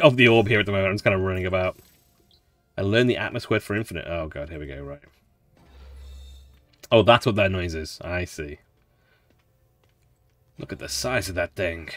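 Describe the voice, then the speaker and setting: A man with a low voice hosts a laid-back game playthrough. He talks in a chatty, rambling way and laughs often, while quiet game music plays faintly in the background. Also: animated, normal speed, pauses often, dry recording. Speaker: let's play host. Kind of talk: relaxed gameplay commentary.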